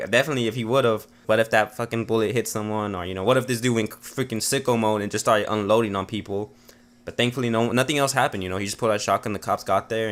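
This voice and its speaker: A man's voice: on the low side, fairly bright tone. A man vlogging a rambling story in a casual, profane way, full of "you know" and "like" fillers.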